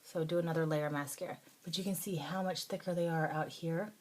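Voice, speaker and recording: A woman hosting a casual makeup tutorial, talking through each step in an instructive, chatty way and now and then dropping into soft asides. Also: sits low, fairly even intonation, fast talker. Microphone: phone or camera close by.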